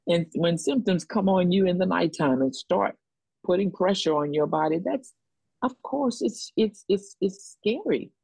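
A woman's voice: on the low side, animated, unhurried, creaky, darkish tone, slightly rough, no room sound, poor audio. A woman preaching a sermon on faith and healing, repeating phrases for emphasis in a call-and-response rhythm.

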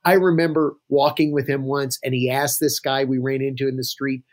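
A man's voice: medium pitch, flat delivery, brisk. A man, a pastor, telling anecdotes as a guest in a casual podcast interview, chuckling now and then. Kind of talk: conversational storytelling interview.

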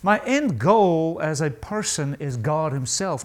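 A man preaching a sermon, emphatic, asking the congregation rhetorical questions and slowing down to stress key phrases. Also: on the high side, animated.

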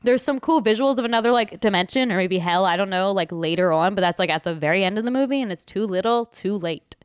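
Young female podcast co-host, casual and blunt, sarcastic takedowns, smooth voice, dry recording. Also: mid-range voice, quick pace, no room sound. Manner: blunt, sarcastic movie reviewing, laughs often. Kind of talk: casual chat.

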